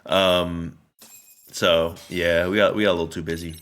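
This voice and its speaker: A man's voice: low-pitched, level tone, moderate pace, a bit bright. A man streaming a video game, rambling through casual commentary full of jokes and swearing. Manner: joking, profane, rambling.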